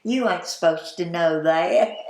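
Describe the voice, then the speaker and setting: Speaking slowly in a lowish, slightly mellow voice, a former store owner with a Southern US accent shares anecdotes for an oral history. She is an older woman, folksy and talkative, laughing as she goes, and the sound is roomy.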